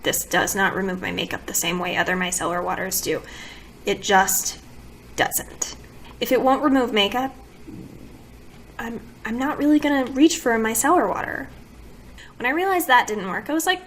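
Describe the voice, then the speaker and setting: A woman with a fairly high voice reviews beauty products she dislikes, talking casually to the camera. She complains dramatically and keeps firing off exasperated rhetorical questions. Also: normal speed, pauses often, a bit bright, a little hiss or hum. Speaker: beauty vlogger.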